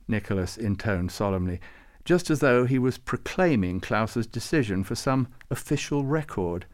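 Expressive male storybook narrator. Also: mid-range voice, moderate pace. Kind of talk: storybook reading.

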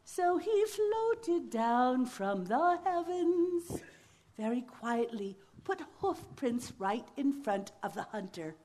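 Animated high-voiced woman telling a folktale. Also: takes it slowly. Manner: animated, sound effects and playful asides. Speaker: storyteller. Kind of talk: lively oral storytelling for families.

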